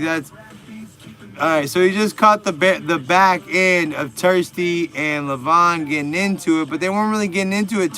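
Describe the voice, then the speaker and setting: A Texan man in his 40s hosts a casual livestream, his voice a little high with a sharp edge. He banters with viewer comments using laid-back, profane slang.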